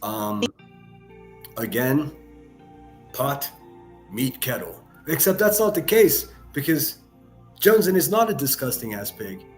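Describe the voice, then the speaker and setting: Profane mocking male commentator. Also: fairly high pitch. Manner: profane, mocking, sarcastic ranting. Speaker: commentary channel host. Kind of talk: reaction commentary.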